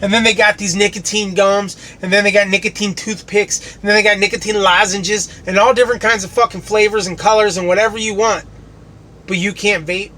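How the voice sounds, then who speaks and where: A man's voice: sits high, level tone, a little fast, hardly any pauses, pushed and bright, rough recording. A man in his late thirties from the United States, ranting and swearing as he drives. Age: late 30s. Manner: angry, swearing rant. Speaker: vlogger. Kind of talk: ranting vlog while driving. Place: inside a moving car. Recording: road and engine noise from a car.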